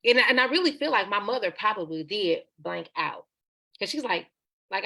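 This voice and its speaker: A woman's voice: mid-range voice, animated, moderate pace, creaky, pushed and bright. A woman guest on a podcast, telling a personal story in a candid, conversational way. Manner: candid, conversational, slips into acted quotes.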